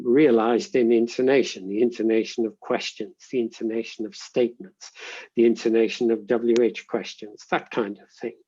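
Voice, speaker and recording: Guy professor explaining his field, husky voice, a bit muffled audio, keeps pausing to rephrase. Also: mid-range voice, mellow. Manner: measured, reflective, often pausing to rephrase. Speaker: interviewed linguistics professor. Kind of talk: thoughtful interview answers.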